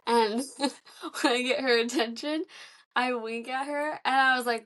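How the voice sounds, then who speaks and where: A woman's voice: on the high side, steady tone, takes it slowly, pauses often, fairly bright tone. A young woman player in a tabletop game, speaking playfully and giggling often. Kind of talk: casual tabletop play.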